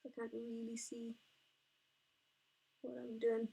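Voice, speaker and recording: A woman who paints miniatures and streams it, chatting casually and excitably, rambling and talking to herself as she works at her painting desk. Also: a little high, slow pace, gravelly, breathy edge. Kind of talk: casual live-stream chat while painting.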